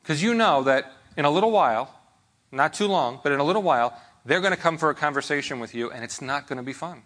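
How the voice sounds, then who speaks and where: A man's voice: a little high, animated, quick pace, fairly bright tone. A man preaching a sermon in a conversational way, often checking in with his listeners.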